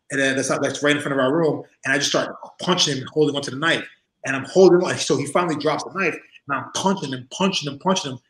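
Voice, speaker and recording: A man in his forties, an interview guest telling stories in a lively, laughing way and acting out the voices of people in them. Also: medium pitch, roomy sound, rough recording. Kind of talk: casual storytelling in an interview. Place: home room.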